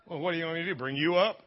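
A man preaching a lively sermon in a church, joking with the congregation and restarting his sentences often. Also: a little high, lo-fi sound. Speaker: pastor. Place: church sanctuary.

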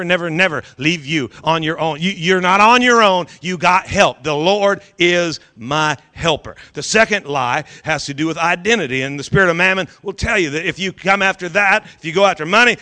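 A man preaching with fire, his voice pitched high and ringing bright. He hammers phrases again and again and urges the congregation to speak up with him. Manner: fervent, repeats phrases for emphasis, urges the congregation. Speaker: pastor. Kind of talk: sermon.

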